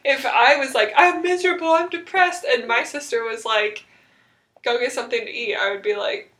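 A woman's voice: high-pitched, normal speed, fairly bright tone. A young woman chatting casually, recapping a TV episode and acting out quotes with sarcasm.

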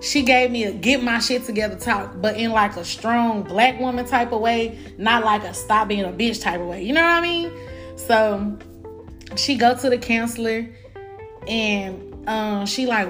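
A woman's voice: on the high side, measured pace, a bit bright, soft background music. A woman, telling a frank, profane storytime. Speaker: vlogger. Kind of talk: casual storytime.

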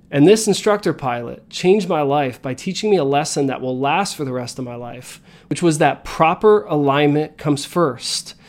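A man in his thirties, a podcast host telling a story and coaching his listeners in an earnest motivational style. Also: a little high. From United States.

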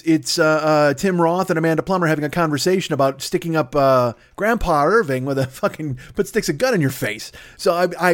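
A man hosting a comedy podcast, ranting in a rambling, profane, exasperated way. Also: on the high side. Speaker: podcast host. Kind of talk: comedic rant.

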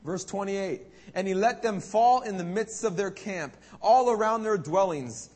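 A man preaching a sermon to a congregation, animated and dramatic, acting out the words of God and the Israelites. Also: sits high, unhurried. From Canada. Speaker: pastor.

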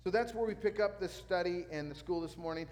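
A male pastor preaching a sermon, telling a story with lively sound effects. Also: high-pitched, fairly quick, long reverb tail.

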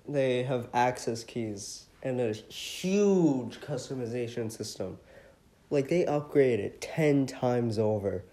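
A man rambling excitably and casually about his favorite video games, with frequent giggles. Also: mid-range voice. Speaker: vlogger. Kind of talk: casual enthusiastic chat.

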